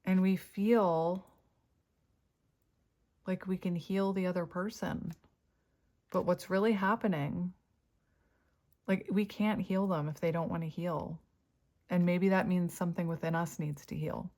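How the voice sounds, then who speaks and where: Middle-aged woman tarot reader, lowish voice, chatty and casual, laughs a lot. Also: unhurried, pauses often. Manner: chatty, with frequent fillers and laughs. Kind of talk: casual spiritual reading.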